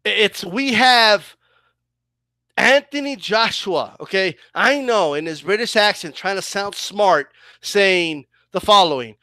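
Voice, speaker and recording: A man's voice: high voice, takes it slowly, bright, forceful tone, no echo. Fired-up man ranting about boxing. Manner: fired up, repeats "okay?" and "right?". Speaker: boxing commentator. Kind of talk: heated opinion rant.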